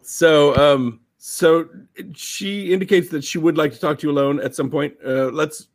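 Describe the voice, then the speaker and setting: A man narrating a tabletop game podcast as its game master. His voice sits a little high with a gravelly edge, and he tells the scene in a loose, laughing way. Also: moderate pace. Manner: laughs often, relaxed storytelling with fillers.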